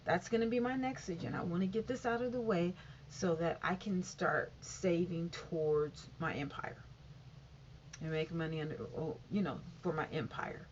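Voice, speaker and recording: A woman's voice: fairly low pitch, normal speed. A woman chatting casually to her viewers, rambling and often saying "you know". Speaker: vlogger. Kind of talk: casual chat to camera. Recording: dull lo-fi sound with faint noise.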